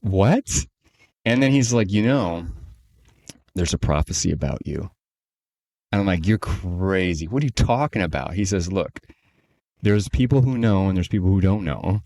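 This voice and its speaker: Low, mellow-voiced man telling a story. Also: normal speed, pauses often. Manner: animated storyteller, acts out quoted voices. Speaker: podcast co-host, company CEO. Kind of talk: casual storytelling chat.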